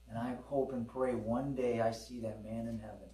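A man's voice: mid-range voice, level tone, moderate pace, dark tone. A middle-aged man preaching and telling personal testimony stories, calling for amens from his congregation. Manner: folksy storytelling, call-and-response with the congregation. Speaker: pastor. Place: church hall. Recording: roomy hall, distant mic, mains hum.

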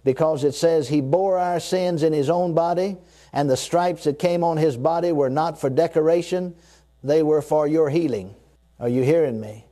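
A man's voice: a little high, normal speed, warm tone. A man preaching a sermon, emphatic and repetitive, leading his listeners to repeat lines after him. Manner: emphatic, repetitive, leads the listeners in spoken confessions.

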